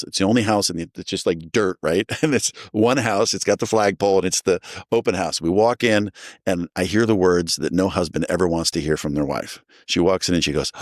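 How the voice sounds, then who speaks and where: A middle-aged man tells a long personal story in a low, close, dry voice. He is animated and jumps into the voices of the people he quotes. It sounds like relaxed conversation rather than a prepared talk. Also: dry recording. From New Jersey. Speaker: guest sharing recovery story. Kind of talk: casual storytelling.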